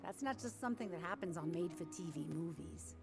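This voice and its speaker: A woman's voice: on the low side, lively intonation, brisk, over music. A woman playing a chatty older small-town cafe owner in a video game, sweet and gossipy, calling everyone dear. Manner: gossipy, sweet, calls people dear and hun.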